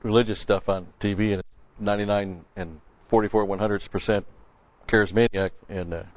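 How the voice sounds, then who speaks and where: A man's voice: on the low side, steady tone, fairly quick, highs cut off. A man preaching a conversational sermon, folksy and blunt, quoting scripture and restarting his sentences often.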